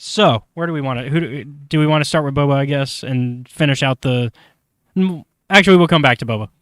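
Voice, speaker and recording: A man's voice: mid-range voice, fairly bright tone, no room sound, clean studio sound. A man chatting casually as a podcast host, rambling through a story recap and briefly voicing the characters. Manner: rambling, acts out characters in quick asides. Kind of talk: casual chat recapping a comic.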